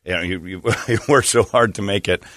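Man, low voice, fast rambling radio host, dry studio sound. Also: fairly bright tone, no room sound. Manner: rambling, joking, self-correcting. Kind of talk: casual morning radio banter.

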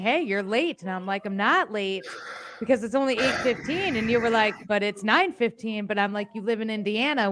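A woman's voice: fairly high pitch, a bit bright. A woman hosting a casual livestream chat show, talking in a chatty, joking, teasing way. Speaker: host.

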